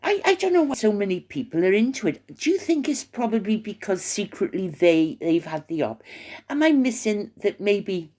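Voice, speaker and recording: A woman's voice: mid-range voice, very animated, moderate pace, a little mellow. An older woman vlogging from her retirement home, chatting in a rambling, gossipy way with many fillers. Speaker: YouTuber. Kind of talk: casual chat to camera.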